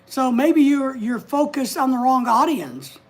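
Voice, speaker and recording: A woman's voice: high-pitched, animated, a little slow, slightly rough. A woman hosting a casual livestream from home, chatting, giving advice and reading out viewer comments. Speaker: livestream host.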